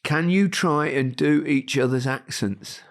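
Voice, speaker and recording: Older male host with a Leicester accent, relaxed and teasing, laughs a lot. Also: fairly high pitch, unhurried. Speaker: podcast host. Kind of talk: casual chat.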